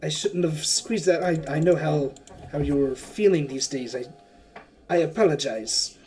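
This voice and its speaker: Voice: mid-range voice, moderate pace, natural voice. A game master voicing an outspoken, effusive male merchant prince in a tabletop game. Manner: loud, grand welcoming speeches. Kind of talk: tabletop game role-play.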